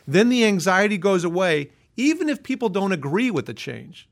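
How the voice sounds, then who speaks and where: A man with a notably high-pitched voice answers interview questions as a management consultant. He explains earnestly and lays his points out one by one. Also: big pitch swings, normal speed, gravelly, hardly any pauses. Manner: earnest, list-driven explaining.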